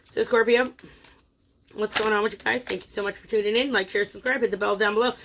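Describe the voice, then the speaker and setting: Female tarot reader, fairly high voice, teasing and chatty, faint noise behind. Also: fairly quick. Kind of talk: casual tarot reading.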